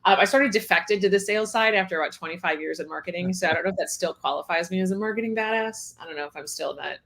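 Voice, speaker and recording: A woman's voice: fairly low pitch, racing, creaky, fairly bright tone. A middle-aged woman, a sales leader, talking candidly and self-deprecatingly as a podcast guest. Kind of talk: casual interview chat.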